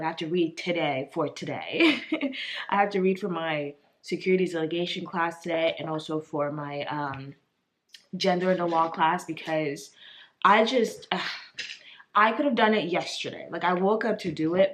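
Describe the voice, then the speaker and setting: A woman in her twenties, a law student, talking casually to her vlog viewers in a chatty way, with frequent fillers and little laughs. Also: lowish voice. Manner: chatty, lots of "like" and "um", laughs often.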